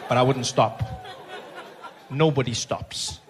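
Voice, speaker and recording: A man's voice: mid-range voice, slow pace, a little hiss or hum. A man from South Africa with a South African accent, performing stand-up and switching animatedly between characters. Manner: animated, swings between characters and loud asides. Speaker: stand-up comedian. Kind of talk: stand-up comedy.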